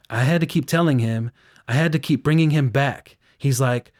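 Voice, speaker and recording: A man's voice: mid-range voice, normal speed, a little mellow. A man working as a victim advocate, recounting a case in an earnest, conversational interview manner. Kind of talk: recorded interview clip.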